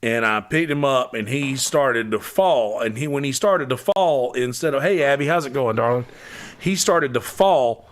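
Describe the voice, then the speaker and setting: A man's voice: mid-range voice, a bit bright. A man, hosting a podcast and telling a long personal story in a loose, profane, rambling way, full of restarts. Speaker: podcast host. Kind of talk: casual storytelling monologue.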